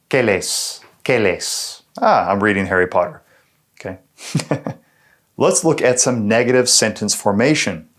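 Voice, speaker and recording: A man teaching a language lesson, explaining sentences patiently and step by step. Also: medium pitch. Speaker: Spanish teacher.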